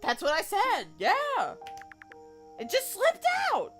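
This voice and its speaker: Reading a visual novel aloud, a Southern US woman voices a young man wryly describing an awkward scene to a friend. Her exaggerated voice is pitched extremely high, well above her own, with huge swings, a slow pace and a slightly bright tone over soft background music.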